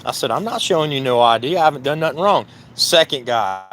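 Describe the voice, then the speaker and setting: A man's voice: medium pitch, expressive, fairly quick, fairly bright tone, slight background noise. A man tells, heated and indignant, how the police stopped him at his work site, acting out both sides of the exchange. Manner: heated, indignant, repeats "I said" while reenacting a dialogue. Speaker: business owner recounting a police stop. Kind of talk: casual storytelling to camera. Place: outdoors by a work trailer near a building.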